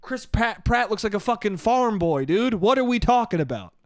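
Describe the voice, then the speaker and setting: Lively high-voiced man ranting casually. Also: moderate pace, dry recording, studio quality. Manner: rambling, profane, keeps saying "dude". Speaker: podcast host. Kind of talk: casual solo podcast monologue. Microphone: studio podcast mic.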